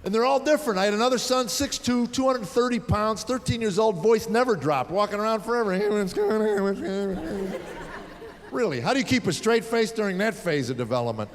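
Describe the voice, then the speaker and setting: A man's voice: high voice, expressive, fast, hardly any pauses. A middle-aged man from the United States doing a stand-up set, telling exasperated, sardonic stories about raising his kids. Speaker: stand-up comedian. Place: theater stage before a live audience. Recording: live stage recording with hall reverb.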